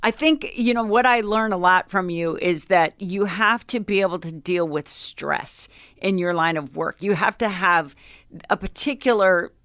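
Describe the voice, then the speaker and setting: Woman co-host reacting warmly. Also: fairly low pitch, unhurried, dry recording. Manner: reactive, laughs easily, responds to the stories. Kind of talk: casual chat.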